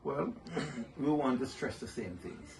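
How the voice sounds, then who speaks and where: A man's voice: mid-range voice, animated, measured pace, vocal fry. An older man, a guest in an interview, chatting and telling family stories and laughing often. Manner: warm storytelling, laughs often. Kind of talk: casual interview talk. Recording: distant mic with faint noise.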